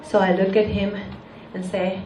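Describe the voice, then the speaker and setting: A woman from Japan with a Japanese accent, doing a stand-up comedy set in a deadpan manner with slightly broken English. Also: mid-range voice, normal speed. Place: comedy club stage. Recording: echoey venue mic heard from a distance, audience noise. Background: audience laughter.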